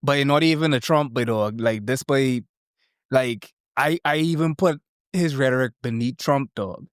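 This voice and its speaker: A man co-hosting a podcast, talking in an animated, joking way. His voice sits in an ordinary middle pitch. The mic is close and dry, with no room sound. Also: a little slow, smooth, no room sound. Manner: animated, joking, slangy Caribbean speech. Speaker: podcast co-host. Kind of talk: casual chat.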